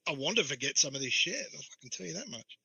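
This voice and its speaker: A man's voice: on the high side, sing-song, quick pace, vocal fry, pushed and bright, breathy edge, no echo, low-quality recording. A man talking as a guest in a livestream chat on a video call, rambling in an agitated, profane way.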